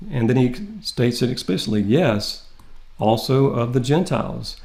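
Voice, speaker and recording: A man teaching a Greek translation lesson. He explains the grammar step by step and reads the Greek aloud slowly. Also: mid-range voice, creaky, a little mellow. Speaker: Greek instructor. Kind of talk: classroom lecture.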